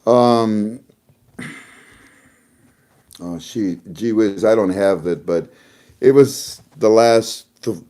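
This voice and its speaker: A man's voice: lowish voice, extremely slow, long pauses, warm tone, clear, resonant tone. A man hosting an online show, chatting casually to his viewers about the news and laughing often as he goes.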